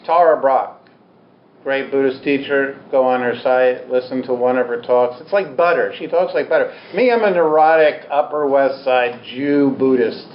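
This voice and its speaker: A man's voice: mid-range voice, normal speed, a little hiss or hum. A man giving a Buddhist teaching talk to an audience, candid, humorous and self-deprecating. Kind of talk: dharma talk to a live audience. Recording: roomy, slightly dull talk recording.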